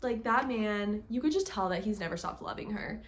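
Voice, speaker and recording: A woman's voice: medium pitch, normal speed. A young woman gushing through a casual book review vlog, chatty and full of "like" fillers. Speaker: book vlogger.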